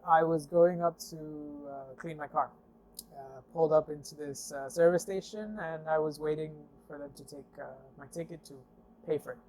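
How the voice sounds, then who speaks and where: A man's voice: a little high, moderate pace, soft background music. A man casually telling a story, acting out the dialogue with lots of "I'm like" and fillers. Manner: animated storyteller who acts out dialogue; conversational, with frequent fillers and "I'm like". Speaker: guest telling car stories. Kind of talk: casual spoken anecdote.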